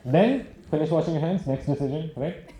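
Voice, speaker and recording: A man's voice: fairly high pitch, lively intonation, fairly quick, highs cut off. A male stand-up comedian from India doing a live set, swearing freely and laughing at his own jokes. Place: comedy stage before a live audience. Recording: noisy live venue with audience laughter.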